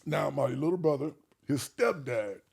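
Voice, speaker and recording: Gravelly, husky-voiced man telling stories. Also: on the high side, moderate pace. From Arkansas, USA. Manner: animated storyteller, acts out quotes, swears freely. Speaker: guest. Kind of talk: storytelling in a podcast interview.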